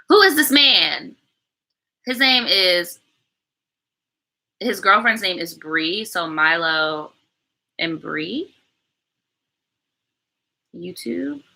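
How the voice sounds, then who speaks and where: A woman's voice: mid-range voice, vocal fry, bright, forceful tone, rough recording. A woman hosting a storytime channel, reacting to a viewer's story in blunt, slangy, profane casual chat. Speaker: storytime YouTuber reading viewer stories.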